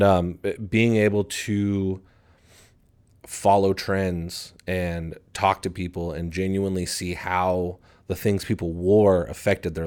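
A man in his twenties talks as a podcast guest with a deep, low voice. He speaks earnestly and reflectively, growing animated when something excites him, recorded in a studio. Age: 20s. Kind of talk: casual podcast conversation.

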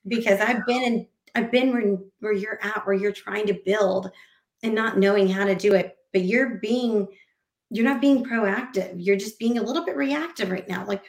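On a podcast, a woman guest speaks casually and animatedly in a mid-range voice at normal speed, with a reverberant sound. She acts out quoted conversations and rambles, with frequent fillers and restarts.

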